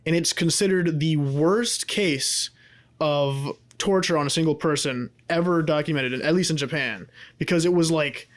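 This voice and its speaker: A man's voice: a little high, normal speed. A man co-hosting a casual podcast, talking in a rambling, profane way with many restarts. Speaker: podcast co-host.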